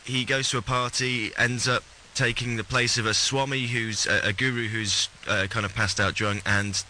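A man's voice: mid-range voice, fairly even intonation, normal speed, sharp tone, slight background noise, rough recording. A man who was born and raised in Britain, chatting easily as an actor guest in an interview. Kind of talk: casual interview chat.

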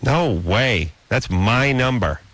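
A middle-aged man hosting a radio show, talking in sarcastic, ranting banter and dropping quick comic impressions. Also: medium pitch, lively intonation, fairly bright tone, breathy edge.

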